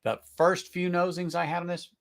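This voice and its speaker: A middle-aged man hosting a live whisky tasting, talking casually, searching for words, then bursting into excited exclamations. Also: high voice, moderate pace. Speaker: whisky tasting livestream host.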